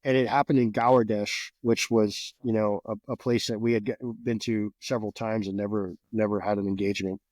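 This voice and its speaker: Middle-aged guest from New Jersey, swears freely, animated storyteller, dry close sound. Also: male voice, lowish voice, a little fast, hardly any pauses, no room sound. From New Jersey, USA. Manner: profane, animated, repeats words. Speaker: guest, Green Beret veteran. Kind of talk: casual storytelling.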